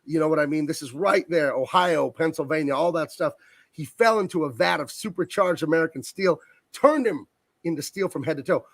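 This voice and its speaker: Brisk and creaky, with a pitch on the high side, a comic colorist holds forth enthusiastically about his craft. It's a relaxed interview chat over a video call, recorded with no room sound.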